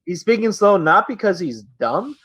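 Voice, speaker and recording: A man's voice: high voice, sing-song, moderate pace, a bit bright, slight background noise, poor audio. A man running a tabletop game as dungeon master, narrating casually with many fillers. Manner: casual, full of "like" and "um".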